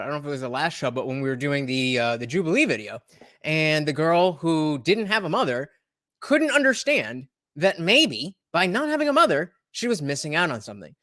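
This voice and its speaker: A man's voice: a little high, very animated, a little fast, sharp tone, no room sound, clean studio sound. A man hosting a reaction video, giving emphatic commentary on the clip he is playing. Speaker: YouTube commentary host.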